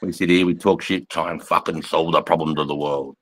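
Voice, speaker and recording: A middle-aged Australian army veteran hosting a casual phone livestream, swearing freely, laughing and reading out viewer comments in blokey slang. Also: male voice, rumbling low, steady tone, fairly quick, fairly bright tone, dry recording, rough recording.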